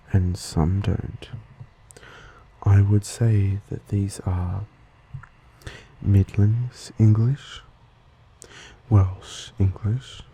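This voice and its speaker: A man with an Australian accent giving a soft-spoken, slow ASMR lesson and sometimes slipping into a whisper. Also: on the low side, vocal fry, slight background noise, poor audio. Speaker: ASMR host teaching accents.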